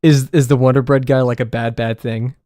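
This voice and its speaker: A man's voice: mid-range voice, level tone, a little fast, dark tone, no room sound, studio quality. Rambling man chatting on a drawing stream. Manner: rambling, self-deprecating, chatty. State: slightly scratchy voice. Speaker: art livestreamer. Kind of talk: casual live-stream chat while drawing. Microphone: desk mic, no camera.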